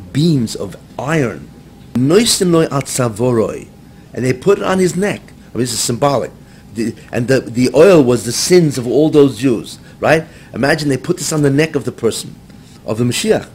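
A man lecturing on a sacred text, moving from steady explanation to sudden raised, emotional emphasis. His voice sits at an ordinary middle pitch, with a faint low rumble in the background. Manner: explains texts, rising to dramatic emphasis. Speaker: Torah teacher. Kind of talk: religious lecture.

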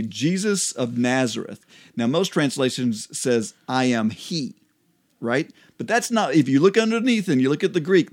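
A man co-hosting a casual Bible study chat, relaxed and laughing often as he explains. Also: medium pitch. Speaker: co-host.

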